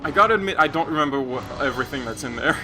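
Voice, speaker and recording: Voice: mid-range voice, expressive, rapid-fire. Casual let's play host over game music. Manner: casual, hesitant with fillers.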